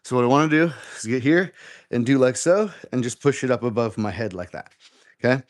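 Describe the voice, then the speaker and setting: A man's voice: mid-range voice, brisk. A middle-aged man hosting a live workout show, casually coaching and counting reps aloud, a little out of breath as he exercises. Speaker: fitness show host.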